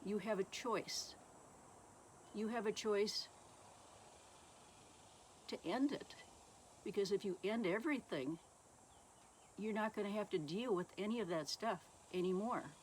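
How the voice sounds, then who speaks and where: A woman voicing a calm but sinister male inner voice that urges her toward death, in a hushed, coaxing whisper. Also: medium pitch, a little slow, pauses often, a little hiss or hum, natural voice.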